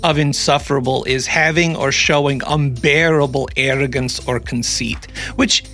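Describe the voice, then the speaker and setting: A man's voice: medium pitch, steady tone, moderate pace, sharp tone, soft background music. A man hosting a podcast, chatting casually and narrating a true-crime story with sarcastic asides. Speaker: podcast host.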